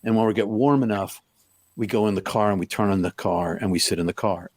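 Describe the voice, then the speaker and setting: A middle-aged man telling a personal story in an interview, talking haltingly with many restarts. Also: fairly low pitch, steady tone, no room sound. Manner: halting, full of restarts, acts out quoted lines loudly. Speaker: podcast guest.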